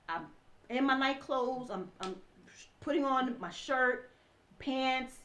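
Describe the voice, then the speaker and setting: Higher-voiced woman telling a personal story. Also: lively intonation, a bit bright. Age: adult mother. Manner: halting, many restarts, acts out quoted dialogue. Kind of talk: emotional personal storytelling monologue.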